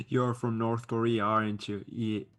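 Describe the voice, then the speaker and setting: A man's voice: medium pitch, fairly even intonation, unhurried, fairly bright tone. Casual streamer, male, non-native English speaker, hesitant and chatty, faint music underneath. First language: not English. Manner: chatty, hesitant with many fillers and restarts. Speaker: livestream host reading chat. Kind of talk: casual live-stream commentary.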